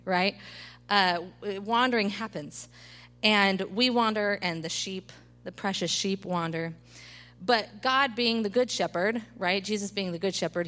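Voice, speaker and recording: A woman in her thirties delivers a midweek sermon with a bright, clear tone and a middling pitch. She tells stories in an animated, conversational way and keeps turning to her listeners with "right?". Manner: animated storytelling, asks the room "right?" often. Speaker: preacher. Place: church service.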